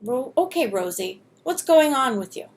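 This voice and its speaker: A woman reading a storybook aloud, voicing a calm and patient old grandmother who coaxes with gentle questions. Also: high voice, normal speed. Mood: coaxing. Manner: coaxing, gently probing questions.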